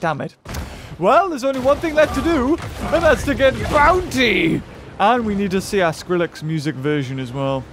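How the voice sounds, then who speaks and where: A young man excitedly commentating his gameplay, often exclaiming and laughing. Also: high voice, normal speed, noisy background. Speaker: gaming YouTuber. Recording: game music behind voice.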